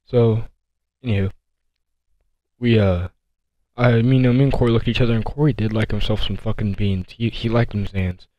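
A man's voice: on the low side, fairly even intonation, normal speed, pauses often, dry recording, muffled recording. A young man casually telling a rambling, profane story full of asides and restarts. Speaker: vlogger. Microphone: console headset mic.

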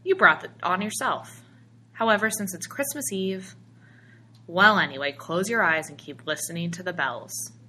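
Mysterious little stranger, slow and calm, kinda wise, lady reading it. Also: lowish voice, slight background noise. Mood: quiet. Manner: slow, measured.

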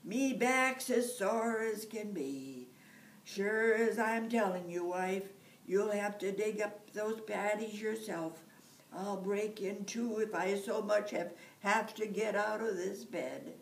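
A lazy Irish peasant man whines and wails about his lot, as a woman reader puts him on. The put-on accent rises high and swoops about, drawn out slowly. It sounds roomy and distant. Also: expressive, gravelly, darkish tone, slight background noise, full character voice. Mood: whining. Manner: whining, wailing. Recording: echoey room, from afar.

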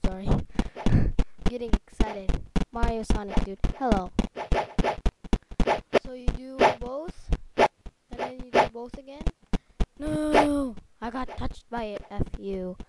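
A woman giving chatty, excitable commentary while playing a computer game at a desk microphone. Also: a little high, slow pace, very noisy. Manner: excitable, chatty, easily startled. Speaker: let's play host. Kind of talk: casual gameplay commentary.

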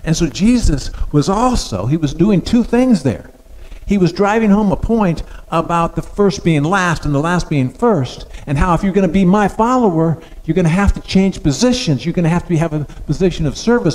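A man's voice: sits high, lively intonation, moderate pace, a little mellow. Man preaching in a reverberant hall. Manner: conversational preaching with questions to the congregation. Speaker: pastor. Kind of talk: sermon.

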